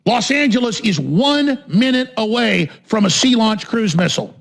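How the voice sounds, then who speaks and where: A man with a high, gravelly voice rants as a talk radio host. He is combative and emphatic, hammering points with repeated phrases. His delivery often climbs toward a shout. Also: expressive, normal speed. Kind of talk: ranting political monologue.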